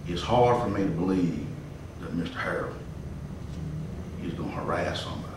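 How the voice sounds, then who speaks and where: Deep councilman, calm and reassuring, distant mic in an echoey chamber. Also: moderate pace. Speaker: council member. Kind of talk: measured reply at council meeting. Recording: echoey room from far off with faint noise.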